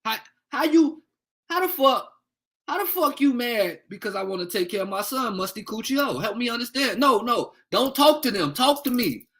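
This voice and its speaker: Angry, bright-voiced man ranting on a livestream. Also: extremely high pitch, animated, a little fast, few pauses. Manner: angry, profane, taunting commenters. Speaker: livestream host. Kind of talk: heated livestream rant.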